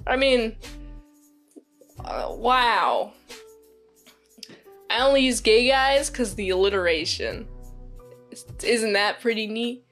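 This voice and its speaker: A woman's voice: a little high, takes it slowly, long pauses, a bit bright, soft background music. A woman casually recapping a movie as a reviewer, rambling, cutting herself off and giggling. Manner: rambling, self-interrupting, giggly.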